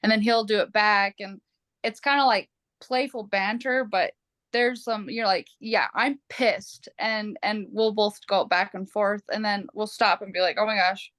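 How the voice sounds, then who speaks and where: Animated woman host with a dry close sound. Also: normal speed, no room sound. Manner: animated, expressive, quotes herself with big pitch jumps. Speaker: podcast host. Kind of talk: casual conversational chat.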